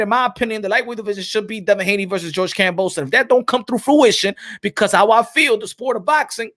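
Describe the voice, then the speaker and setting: High, bright-voiced hyped boxing host. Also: male voice. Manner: hyped, talks to chat, drawn-out emphasis. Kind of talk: animated boxing commentary chat.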